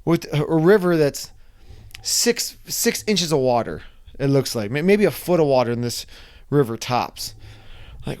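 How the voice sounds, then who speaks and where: A young man casually telling a personal story, animated and acting out his own reactions. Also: fairly high pitch, a little slow, smooth. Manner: animated, acts out his own screams and quotes.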